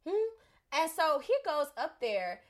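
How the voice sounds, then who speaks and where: A woman's voice: on the high side, a little fast. A woman telling a story in casual podcast chat, acting out the people in it. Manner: animated, acts out voices in her story.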